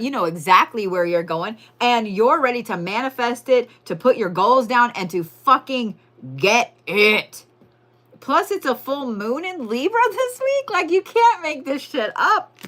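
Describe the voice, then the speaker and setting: A bold, swearing woman with a drawl, hosting a live tarot reading. Her voice is bright and edgy, and her pitch swings widely as she repeats her points for effect. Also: sing-song, unhurried. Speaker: tarot and zodiac reader, livestream host. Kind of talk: live-stream tarot reading, casual and profane.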